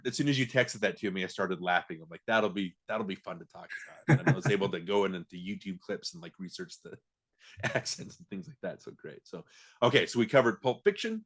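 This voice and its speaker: On a podcast, a male co-host with a lowish, slightly bright voice talks about movies in a loose, wandering way. He keeps starting his sentences over.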